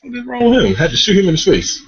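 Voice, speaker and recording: A man co-hosting a talk show, delivering a profane comic rant full of swearing and quick mimicry of others. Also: sits high, huge pitch swings, breathy edge. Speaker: podcast co-host. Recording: dull lo-fi audio.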